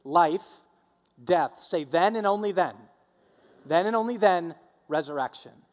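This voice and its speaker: A male pastor delivers a sermon in a fairly high voice, hammering his points with repetition and calling on the congregation to answer back. His voice carries a long reverb from a church hall. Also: expressive, a little slow. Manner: emphatic, repetitive preaching with audience call-and-response.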